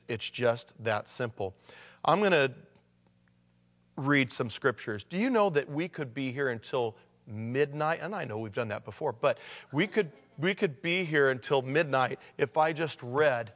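A pastor with a medium-pitched voice preaches unhurriedly in a large hall, keeping it relaxed and conversational. He reads scripture passages aloud and stresses key lines.

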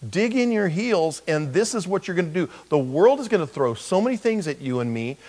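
A man's voice: on the high side, sing-song, brisk, darkish tone, rough recording. A middle-aged male pastor preaching a conversational sermon, full of rhetorical questions and humor.

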